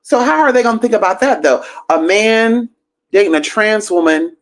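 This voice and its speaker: A woman hosting a livestream, telling a story in a sassy, profane, animated way. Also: medium pitch, moderate pace. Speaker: livestream host.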